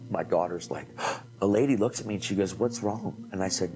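A man preaching, telling an animated testimony story and acting out the people in it. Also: low-pitched, normal speed, music in the background, rough recording. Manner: animated storytelling, acts out quoted voices. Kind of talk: emotional testimony.

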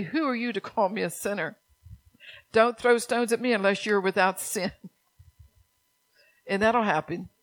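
Middle-aged woman pastor preaching, mid pitch, earnest, goes quiet then pushes hard. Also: rough recording. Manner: earnest preaching, sometimes soft and low, rising to urgent exhortation; addresses the congregation directly with "church" and "amen". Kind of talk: sermon.

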